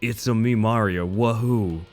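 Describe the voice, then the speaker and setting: A man doing a deliberately hammy, low-effort impression of a cheerful Italian plumber. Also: natural voice. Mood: goofy.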